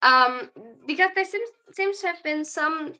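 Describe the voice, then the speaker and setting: A woman's voice: high-pitched, lively intonation, measured pace, sharp tone. A young German woman, a non-native English speaker with a German accent, chatting tiredly on her livestream and answering viewer questions. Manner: chatty, reads comments aloud and answers them. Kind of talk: casual livestream chat reading viewer questions.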